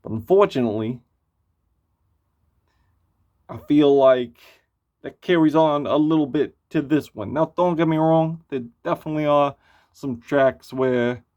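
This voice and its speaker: A man's voice: on the high side, darkish tone. A man giving a casual spoken album review, blunt and profane, rambling with lots of fillers. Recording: muffled lo-fi recording.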